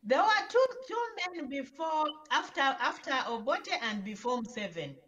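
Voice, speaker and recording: A woman co-hosting a casual political discussion, quick to interject and correct the host. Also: high voice, very animated, fairly bright tone, highs cut off.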